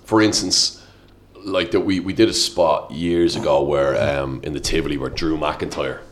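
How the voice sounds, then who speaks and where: An Irish man in his thirties chatting as a podcast guest, telling animated stories and acting out quotes. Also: a bass voice, normal speed. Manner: animated storyteller, acts out quotes loudly. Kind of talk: casual podcast chat.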